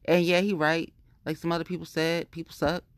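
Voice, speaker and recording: Brisk and level in tone, a low-voiced woman delivers a profane, angry rant, repeating her grievances over and over in a casual monologue. The recording is close and dry, without any surrounding room sound.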